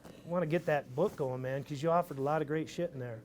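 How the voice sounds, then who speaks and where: A man giving a casual, energetic talk to an audience at a live event, swearing freely as he tells his story. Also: on the high side, fast talker, slight background noise. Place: event stage.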